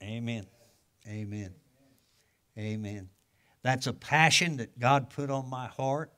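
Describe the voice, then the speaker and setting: An older man, a guest pastor, preaching a sermon in a folksy storytelling way, with casual grammar, swinging from loud exclamations to hushed asides. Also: mid-range voice, steady tone, takes it slowly, clear, resonant tone. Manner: colloquial grammar.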